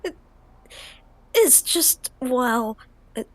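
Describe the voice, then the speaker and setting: A woman's voice: sits high, lively intonation, very slow, dry recording, exaggerated voice. A woman voicing a timid, anxious young female writer who stammers and mumbles. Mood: hesitant. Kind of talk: fan voice acting of a visual novel.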